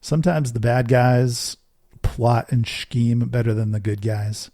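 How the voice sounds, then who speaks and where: A middle-aged man hosts a podcast in an earnest, storytelling monologue. His voice is mellow and warm at a middle pitch, recorded close and dry. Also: level tone, unhurried, no echo. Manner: earnest, storytelling, fond of rhetorical "right?". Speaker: podcast host.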